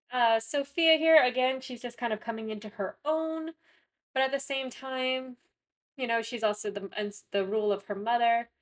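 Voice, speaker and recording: A young woman chatting casually through gameplay commentary, rambling and often correcting herself mid-sentence. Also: on the high side. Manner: rambling, chatty, frequent self-corrections and fillers. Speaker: gaming content creator.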